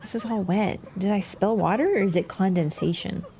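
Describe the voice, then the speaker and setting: A woman's voice: mid-range voice, brisk, warm tone, slight background noise. A woman chatting casually through a gaming livestream, swearing freely, laughing and answering her chat.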